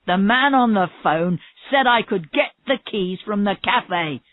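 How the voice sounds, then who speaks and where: Stubborn male murder suspect under questioning, read by a woman; slow, low-ish, dry tinny audio. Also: lively intonation, no echo. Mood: defensive. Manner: stubborn denials, rising to angry shouts. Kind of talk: reading a graded story aloud.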